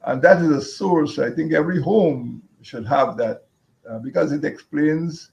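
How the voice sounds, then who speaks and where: Gravelly man, halting and measured. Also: on the high side, a little mellow, highs cut off. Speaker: guest. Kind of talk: interview answers.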